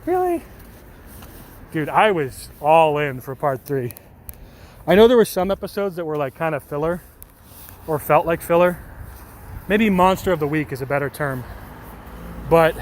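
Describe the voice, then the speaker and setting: A man's voice: a little high, lively intonation, measured pace, pauses often, slight background noise. A man chatting casually with viewers, reading their comments aloud in a rambling, self-deprecating way and swearing now and then. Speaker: streamer reading chat.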